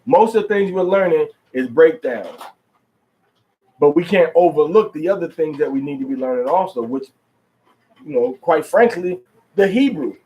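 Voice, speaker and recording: A man with a somewhat high voice gives an informal religious lesson to a group. He talks in a halting way, filling gaps with ums and going back over the same word several times. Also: lively intonation, mellow, low-quality recording. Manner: halting, many fillers and repeated words. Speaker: religious teacher.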